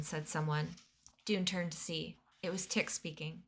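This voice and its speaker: A woman's voice: lowish voice, steady tone, normal speed, fairly bright tone. Woman reading a novel aloud. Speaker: reading streamer.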